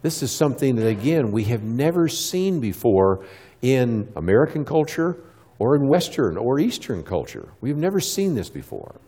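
This middle-aged Christian speaker addresses a live church audience, asking questions and answering them himself, and he acts out quick little dialogues with kids. His mid-range voice is very animated and warm, with a breathy edge. The sound is big and roomy.

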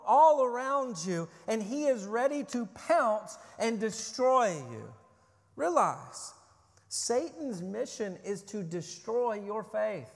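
A man who is a pastor preaching a sermon, urgent and loud on his warnings, then dropping low and quiet when he asks questions. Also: big pitch swings, slow pace, big-room sound.

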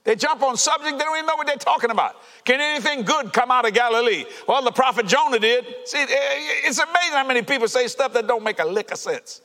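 A man preaching a fervent sermon to a congregation, shouting and laughing as he goes. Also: very high voice, lively intonation, quick pace, hardly any pauses. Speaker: pastor. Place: church sanctuary. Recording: reverberant church hall.

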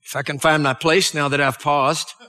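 A man's voice: a little high, flat delivery, normal speed, pushed and bright. A male pastor preaching a sermon, reading scripture aloud and stopping to explain it and to pray.

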